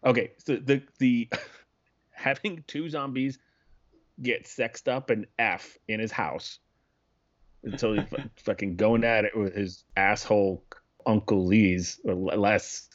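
A man co-hosting a podcast in casual chat, excitable and profane, rambling with lots of restarts. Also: fairly low pitch, slow. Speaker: podcast co-host. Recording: dull lo-fi podcast audio.

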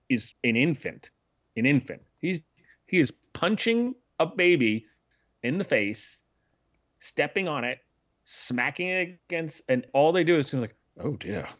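A man co-hosting a podcast in casual chat, excitable and profane, rambling with lots of restarts. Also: on the high side. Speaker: podcast co-host. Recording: dull lo-fi podcast audio.

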